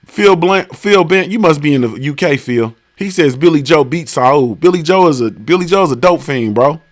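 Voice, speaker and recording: On a casual boxing talk livestream, a male host rambles profanely, leaning on heavy slang and saying "bro" and "you feel me" constantly. His pitch is fairly high, his intonation lively, and his pace moderate.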